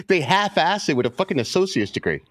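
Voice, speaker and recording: A brash, foul-mouthed man riffs in a casual stream chat. His pitch swings widely as he rants, and the sound is dry and close with no room around it. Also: big pitch swings, fairly quick, fairly bright tone, dry recording. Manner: profane, brash ranting sales pitch. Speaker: trading stream co-host.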